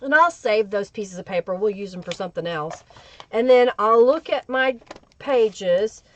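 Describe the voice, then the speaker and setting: In dull lo-fi livestream audio, a woman hosts a crafting tutorial live, speaking at a normal speed in an animated, mid-range voice. She chats freely and welcomes viewers in the chat by name.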